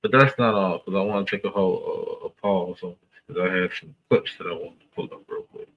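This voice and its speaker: A man's voice: sits low, fairly quick. A man hosting reaction commentary, emphatic and exasperated, often repeating himself. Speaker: commentary host. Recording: dull lo-fi audio.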